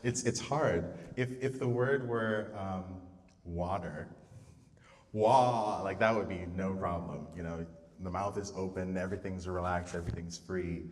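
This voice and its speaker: Man, composer, lowish voice, thinking aloud, distant mic, reverberant hall. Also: fairly even intonation, normal speed, a little hiss or hum. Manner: thinking aloud with fillers and restarts, sings short phrases. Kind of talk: live talk on setting words to music. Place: public venue.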